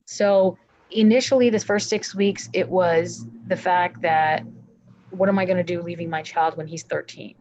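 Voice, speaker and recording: A woman's voice: on the low side, fairly even intonation, a little slow, darkish tone, dull audio. A woman giving an earnest personal testimony as an interview guest, acting out her own prayers aloud.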